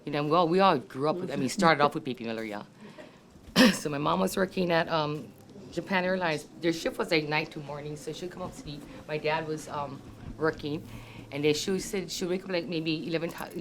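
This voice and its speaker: An older woman in her sixties with a Hawaii local English accent tells family memories in a relaxed, chatty way. She laughs often and slips into her relatives' voices as she goes. Her voice sits on the low side, with a faint hum of background noise. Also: fairly quick. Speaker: family member sharing memories. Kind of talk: casual storytelling. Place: family reunion gathering.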